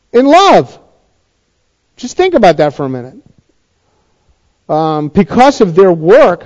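A pastor delivers a sermon in a notably high voice, talking to his congregation and asking rhetorical questions before rising to emphatic points. The recording is slightly dull and lo-fi. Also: a little mellow. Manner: conversational preaching with rhetorical questions and emphatic rises.

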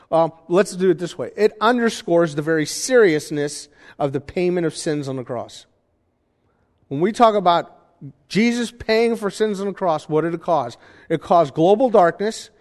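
A man preaching a sermon in a church, talking conversationally and asking the congregation questions. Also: high voice. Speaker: pastor. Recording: reverberant hall.

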